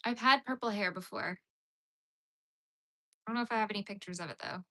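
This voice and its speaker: A woman's voice: medium pitch, a little fast, pushed and bright. A young Canadian woman on a crochet livestream, chatting casually with viewers in a rambling way with lots of "like". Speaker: crochet live streamer. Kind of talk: casual live chat while crocheting.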